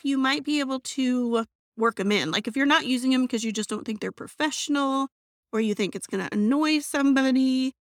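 A woman hosting her own podcast, talking in a chatty, friendly, animated way and acting out little quotes. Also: a little high, no echo, clean studio sound. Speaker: podcast host. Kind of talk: casual solo podcast talk.

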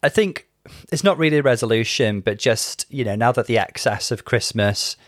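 A man in his thirties co-hosts a casual chat podcast in a dry, close-miked room. He teases his co-host gently and talks thoughtfully about the show. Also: mid-range voice, expressive, moderate pace, no echo. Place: Liverpool home studio.

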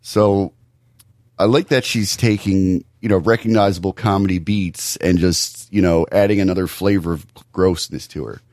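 A man co-hosting a podcast, talking things over in a thoughtful, halting way with many restarts. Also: deep voice, steady tone, darkish tone, no echo, clean studio sound. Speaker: podcast co-host. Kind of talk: casual podcast discussion.

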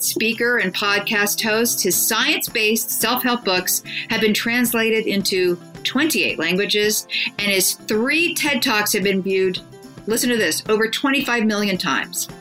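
Woman host, bright sharp voice, chatty, light music under her. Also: medium pitch, unhurried, poor audio. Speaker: podcast host. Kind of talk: interview talk show.

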